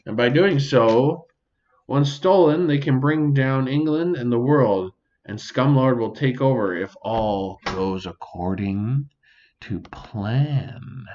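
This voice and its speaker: In a mid-range voice, a man runs a laid-back solo podcast from his home near a sink, cursing freely and speaking to imagined listeners. The audio sounds dull.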